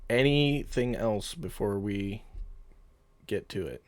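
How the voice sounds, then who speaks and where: A man narrating as game master in a tabletop game, calm and matter-of-fact. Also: on the low side, slow pace, no echo.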